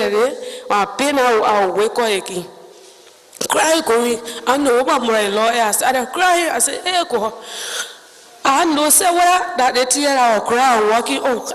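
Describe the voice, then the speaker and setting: Liberian woman, halting testimony, long reverb. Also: high voice. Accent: Liberian English. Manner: halting, broken phrases, acts out others' words. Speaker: survivor giving testimony. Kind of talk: personal spoken testimony.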